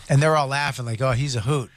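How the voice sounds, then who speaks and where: A man's voice: mid-range voice, fairly bright tone. A man co-hosting a casual comedy talk show, bluntly telling stories about his son and swearing freely. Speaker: co-host.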